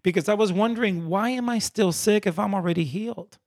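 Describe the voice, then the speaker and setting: Man, a bit high-voiced, earnest testimony guest who acts out his dialogues with God. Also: fairly quick. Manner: animated storyteller who acts out his prayers and God's replies. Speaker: guest sharing a faith testimony.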